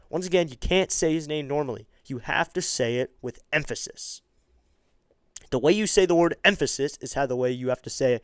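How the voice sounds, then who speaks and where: A man's voice: fairly quick, smooth, no room sound, studio quality. A man calling baseball play-by-play as a fan streamer, his voice climbing sharply when a play develops and dropping into chatty asides to viewers. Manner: rises sharply in pitch and volume on exciting plays. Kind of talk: amateur play-by-play commentary.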